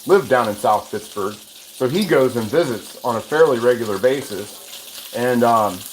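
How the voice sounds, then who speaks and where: A man talks loosely as he cooks, drifting from thought to thought and starting over often. His home kitchen is noisy, with a frying pan sizzling clearly behind him. His pitch is ordinary for a man. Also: expressive, a little slow. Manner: rambling and chatty, with many restarts. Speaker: host of a cooking livestream. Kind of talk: casual chat while cooking and reading viewer comments. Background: sizzling pan and running water.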